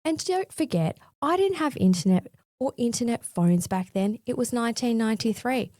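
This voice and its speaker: A woman's voice: fairly high pitch, lively intonation, normal speed, dark tone, no room sound, clean studio sound. A woman in her forties hosting a solo podcast, talking in a cheeky, frank, chatty way with a bit of mild swearing. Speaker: podcast host. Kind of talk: scripted solo podcast monologue.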